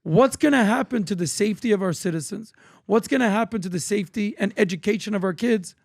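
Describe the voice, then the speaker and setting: A man's voice: sits high, quick pace, gravelly, no room sound, clean studio sound. A man in his thirties, from Florida, co-hosting a podcast and telling stories with energy, acting out the people he quotes. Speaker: podcast co-host. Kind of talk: animated storytelling chat.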